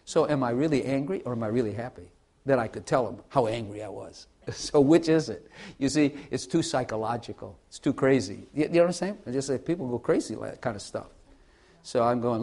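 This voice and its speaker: A man's voice: mid-range voice, fairly quick, darkish tone. Guy preaching a sermon, earnest, chatty, keeps asking the room questions, repeats himself a lot. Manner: earnest, conversational preaching with rhetorical questions to listeners; repeats and restarts phrases, varies volume widely.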